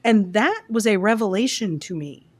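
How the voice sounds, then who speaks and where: A woman's voice: mid-range voice, expressive, moderate pace, no echo. A woman therapist co-hosting a podcast, talking candidly about her work with frank, exasperated asides. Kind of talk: casual chat.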